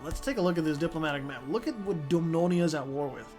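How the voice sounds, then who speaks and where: A strategy game commentator chats casually over a match, excitable, swearing a lot and often starting sentences over. His voice sits in the mid range and moves fast, with faint music in the background.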